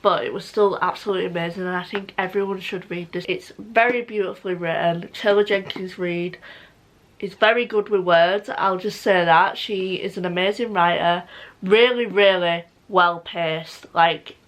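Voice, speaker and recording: A woman's voice: lowish voice, fairly even intonation, moderate pace, low-quality recording. A young woman chatting casually in a reading vlog, gushing and emotional, with many "like"s. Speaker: book vlogger.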